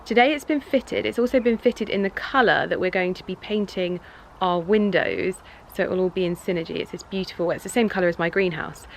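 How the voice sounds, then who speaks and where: A woman's voice: mid-range voice, brisk. A woman in her thirties chatting through a vlog in an easy, rambling way. She leans on fillers and lets her feelings show. A faint hum of noise sits behind her. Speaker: vlogger. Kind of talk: casual vlog chat.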